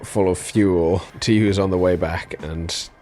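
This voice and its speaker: A man's voice: low voice, steady tone, unhurried, dark tone, soft background music. A man giving casual gameplay commentary, wry and given to swearing and laughing. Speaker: game commentator.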